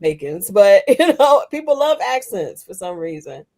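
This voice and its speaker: A woman's voice: mid-range voice, big pitch swings, moderate pace, darkish tone. A woman hosting a podcast, chatting casually and loosely, with frequent laughter. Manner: chatty, rambling, laughs often. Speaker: podcast host. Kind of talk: casual interview chat.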